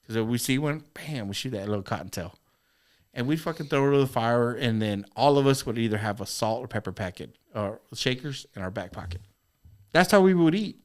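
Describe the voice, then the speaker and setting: Man, casual podcast guest, animated storytelling, heavy swearing, mid-pitched voice. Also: fairly quick.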